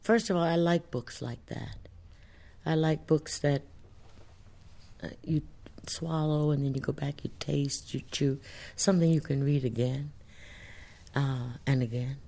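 A woman author answering audience questions in a reflective, thoughtful way, pausing as she searches for words. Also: deep voice, creaky, warm tone. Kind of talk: reflective studio talk.

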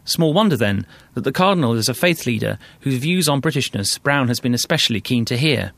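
A man from London presenting a radio documentary, scripted narration in a measured, wry way. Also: mid-range voice, animated, gravelly, a bit bright, dry recording.

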